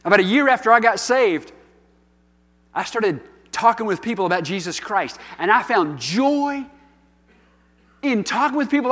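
A man's voice: sits high, animated, moderate pace, long pauses, fairly bright tone. A man in his fifties, a pastor preaching a sermon in a storytelling, conversational style that rises into emphatic calls. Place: church hall. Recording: long hall reverb.

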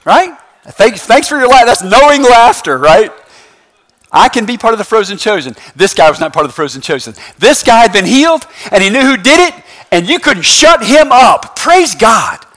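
A man with a high voice preaching to a congregation in a church. His sermon swings widely in pitch, rising and falling with emphasis. He keeps it casual and slangy, checking in with the room with a quick "right?". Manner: lively, conversational preaching with constant "right?" asides. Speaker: pastor.

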